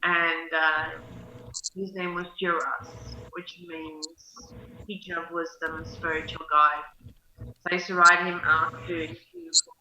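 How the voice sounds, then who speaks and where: A woman's voice: low-pitched, level tone, slow, bright, forceful tone, reverberant, muffled recording, a little hiss or hum. A woman guest on a livestream, chatting casually and explaining things in a matter-of-fact way.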